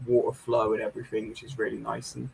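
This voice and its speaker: An English man in casual chat, telling stories lively and laughing often. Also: lowish voice, fast, vocal fry. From England. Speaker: show host.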